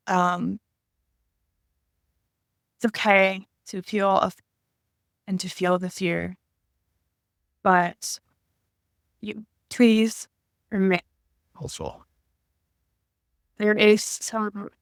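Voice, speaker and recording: Thirty-something woman, heartfelt and halting, stops to find words, dry sound. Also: mid-range voice, little pitch movement, clean tone, no echo. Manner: halting, emotional, searching for words. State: tearful at times. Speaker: vlogger. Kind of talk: personal reflective talk to camera.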